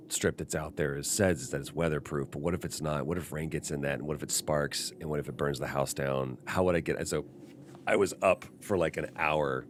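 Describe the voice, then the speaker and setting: A man's voice: rumbling low, a little hiss or hum. A man hosting a podcast, chatting casually and acting out the voices in his stories. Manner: animated storyteller, acts out quotes. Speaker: podcast host. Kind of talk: casual chat.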